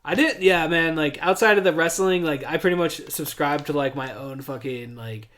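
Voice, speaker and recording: A young man hosts a casual podcast in a bright, edgy voice, pitched a little high. His talk is laid-back and loose, full of "like" and "dude". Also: moderate pace. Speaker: podcast host. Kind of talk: casual chat.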